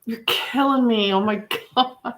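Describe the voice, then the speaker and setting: A woman's voice: a little high, measured pace, noisy background. A woman laughing at friends' jokes with short, amused remarks from off-mic.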